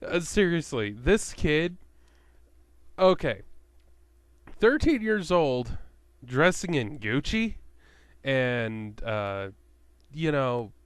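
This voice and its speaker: A man's voice: mid-range voice, very animated, very slow, long pauses, clean tone, dry recording. A man telling a profane, sarcastic rant to his webcam as a vlogger, swearing freely as he tells stories.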